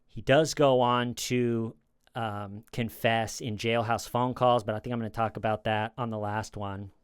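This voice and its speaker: Casual rambling man, smooth dry voice. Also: medium pitch, steady tone, measured pace, dry recording. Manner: rambling, acts out quoted lines in a raised voice. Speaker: true crime commentator. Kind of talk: casual commentary.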